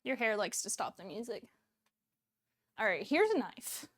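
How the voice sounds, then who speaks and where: A woman's voice: medium pitch, very animated, normal speed, fairly bright tone. A woman hosting a cooking livestream, chatting casually with viewers in a bubbly way and laughing often. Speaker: cooking streamer host.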